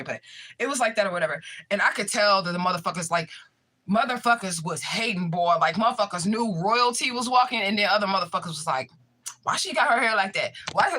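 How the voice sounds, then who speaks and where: A woman and spiritual reader chatting casually to her viewers, telling stories in an animated, profane way full of fillers. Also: low-pitched. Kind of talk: casual live chat to viewers.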